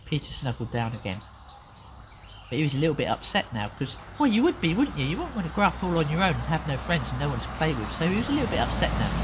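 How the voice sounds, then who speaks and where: A woman telling a story to a child in an animated way, often asking the listener questions, recorded with a noisy background. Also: low-pitched.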